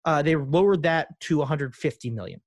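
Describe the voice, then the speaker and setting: A man's voice: a little high, fairly quick, dry recording, studio quality. A man co-hosting a casual podcast chat, laughing often and reading quotes aloud with rambling asides. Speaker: podcast co-host.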